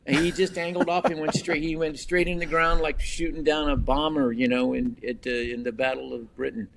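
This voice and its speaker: A man from Colorado, a guest novelist, telling a hunting story on a podcast in an animated, laughing way with many restarts. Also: on the high side, a little fast, vocal fry.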